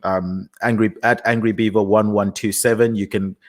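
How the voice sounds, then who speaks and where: A man's voice: on the low side, level tone, normal speed. A man hosting a casual chat, steering the talk, setting up questions and pointing listeners to links.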